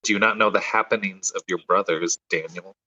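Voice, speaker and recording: A man's voice: low voice, steady tone, fairly quick, sharp tone, a little hiss or hum. A man, a physician guest, chatting casually on a podcast and making dry, teasing remarks over a dull, lo-fi remote recording.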